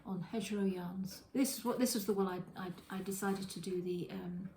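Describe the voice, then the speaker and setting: A knitting podcast host chats from her home kitchen in a mid-range, steady, dark-toned voice at a moderate pace. Her casual show-and-tell rambles, with many restarts and self-corrections. The low-quality recording carries room echo and slight hiss or hum.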